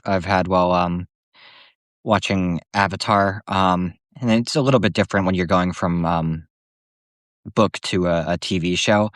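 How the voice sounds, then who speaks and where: A man's voice: deep voice, no room sound, studio quality. A man in a casual discussion, joking and swearing while he talks. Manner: joking, laughs often, swears.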